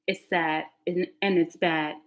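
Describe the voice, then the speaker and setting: Casual woman livestream host, animated, laughing, talks straight to chat. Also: lowish voice, unhurried, poor audio. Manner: chatty, laughing, animated asides to viewers. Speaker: livestream host, tarot reader.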